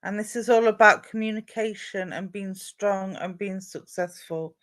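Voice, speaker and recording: A woman giving a live psychic card reading, her tone soft and reassuring as she speaks straight to the viewer. She keeps up a warm, comforting patter full of endearments while relaying messages to them. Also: mid-range voice, moderate pace. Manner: gentle, reassuring, calls listeners "my darling". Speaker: psychic medium.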